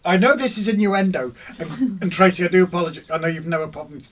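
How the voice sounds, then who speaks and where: A man's voice: high voice, quick pace, a bit bright. A middle-aged man hosting a casual live stream, reading out viewer comments in a teasing, jokey way and laughing often. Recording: distant mic with faint ambient noise.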